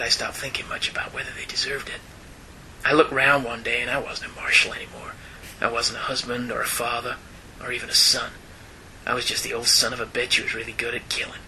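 Man playing a tired old Western gunfighter, low hushed drawl, grim. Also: creaky, slight background noise, rough recording. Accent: Western American. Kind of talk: dramatic reading.

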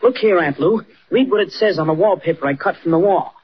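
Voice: mid-range voice, fairly quick, slight background noise, lightly acted. An actor as eager young Jimmy Olsen. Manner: eager, excitable. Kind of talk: 1940s radio acting. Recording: dull old radio recording.

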